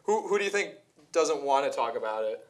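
A man's voice: mid-range voice, very animated, fairly quick. A man hosting a casual comedy show, asking his guest loose, probing questions. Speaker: show host.

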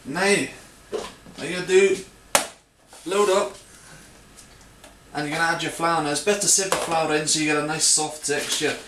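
A man puts on a hammy Scottish accent over his Bristol one and pitches his voice a little high. He plays it for laughs and teases himself as he walks through a home recipe. The room is echoey around him. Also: steady tone, normal speed, pauses often, noisy background. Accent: put-on Scottish accent over a Bristol accent. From Bristol, England. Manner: playful, self-mocking, hamming up the accent. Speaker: home cook presenting a recipe. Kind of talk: jokey cooking tutorial. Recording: roomy echo.

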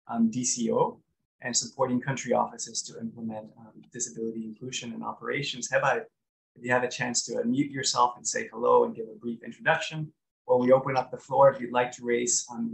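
A man moderating a webinar, polite and pausing often with fillers. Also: mid-range voice, vocal fry, rough recording.

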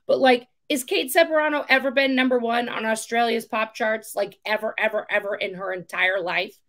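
A woman in her thirties telling a story as a guest in a casual chat, animated, acting out quotes and swearing freely. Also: a little high, normal speed. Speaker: podcast guest.

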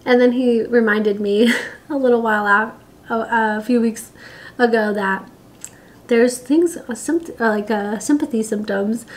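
A woman's voice: fairly high pitch, unhurried. A pregnant young woman talking casually to camera, chatty and giggly, with lots of fillers. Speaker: vlogger.

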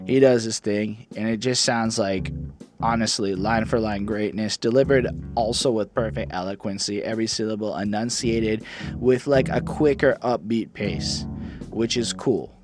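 A man hosting a podcast, giving a casual, enthusiastic track-by-track album review and swearing freely. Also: lowish voice. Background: rap beat playing.

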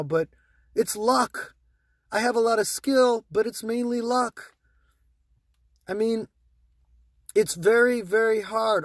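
Angry, swearing man, high voice. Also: no room sound, studio quality. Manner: heated, profane, repetitive ranting. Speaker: stock market YouTuber. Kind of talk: angry ranting vlog to viewers.

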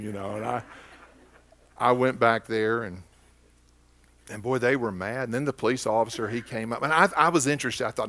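Male Oklahoma pastor, middle pitch, sermon, folksy storyteller, bright clear tone. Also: brisk.

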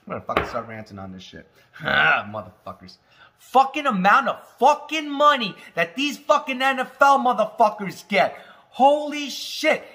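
A stoned man riffs loosely on a casual talk, his slightly high voice swinging widely in pitch. His tone is bright and forceful, profane and jokey, broken up by laughs and smoker's coughs. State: high on cannabis. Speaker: cannabis review host.

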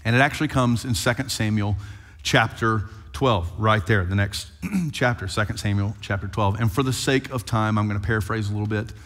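A male pastor preaching an animated sermon and retelling scripture playfully. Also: fairly low pitch, fairly quick. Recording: long hall reverb.

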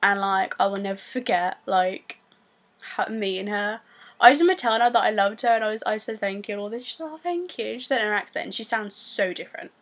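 A young woman with a British accent, telling a story to camera in a rambling, excitable way full of fillers. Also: mid-range voice, fast talker. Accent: British English. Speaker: vlogger.

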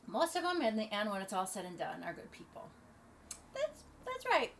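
A middle-aged woman vlogging casually, rambling and halting with many fillers and restarts. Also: mid-range voice, wildly swooping pitch, creaky, a bit bright, slight background noise. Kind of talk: casual opinion vlog. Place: at home near the beach.

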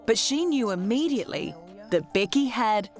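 TV reporter voice-over: Australian woman, measured scripted read, music bed. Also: a little high, animated. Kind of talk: scripted narration. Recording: narration over loud music.

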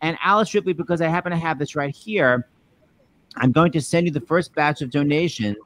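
Brief: male host, slightly high voice, playful and teasing, video call. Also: a little fast, fairly bright tone, no room sound, poor audio. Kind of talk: casual chat over video call.

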